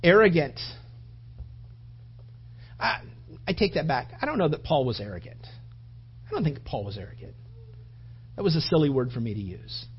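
A man preaching a sermon with passion, his voice rising toward shouts and then dropping low. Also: very animated, moderate pace, pauses often, slightly rough, lo-fi sound. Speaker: pastor.

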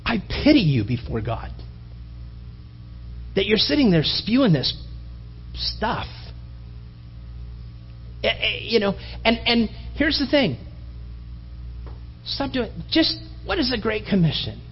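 A man preaching a sermon in an animated, mocking way, building to emphatic appeals. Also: sits high, slow, long pauses, husky, highs cut off, soft background music. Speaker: pastor.

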